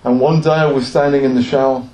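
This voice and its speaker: A man's voice: medium pitch, steady tone, quick pace, mellow. A male preacher giving an earnest sermon, asking the congregation rhetorical questions. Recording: echoey room.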